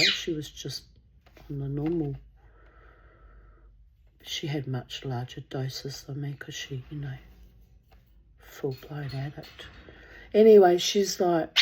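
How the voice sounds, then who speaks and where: A woman's voice: sits low, fairly even intonation, measured pace, long pauses, a little hiss or hum. A woman telling a personal story in a candid, rambling way, swearing freely. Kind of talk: casual spoken storytelling.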